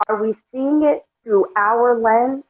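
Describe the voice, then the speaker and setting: A woman hosting a casual interview, encouraging and quick to laugh. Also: a little high. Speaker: host. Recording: phone-like audio.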